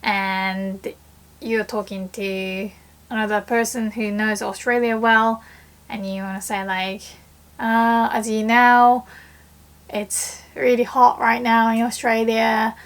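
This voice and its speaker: Young woman, fairly high voice, casual chatty teacher acting out sample lines. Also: slow pace. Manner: chatty, acts out example phrases with lively voice shifts. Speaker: Japanese teacher. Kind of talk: casual language lesson.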